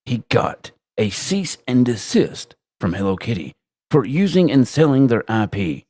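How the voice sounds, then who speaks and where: A male host of a live call-in show reads out viewer messages and riffs on them with mocking sarcasm. His pitch rises and falls widely as he talks. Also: sing-song, a little slow, a little mellow, no room sound.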